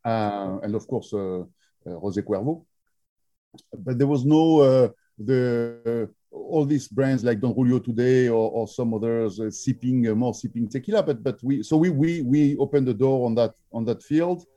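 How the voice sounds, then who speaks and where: A man with a French accent telling stories in an interview, often pausing with fillers and restarting his sentences. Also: medium pitch, warm tone. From France. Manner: halting, many fillers and restarts. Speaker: drinks brand founder. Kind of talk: interview storytelling.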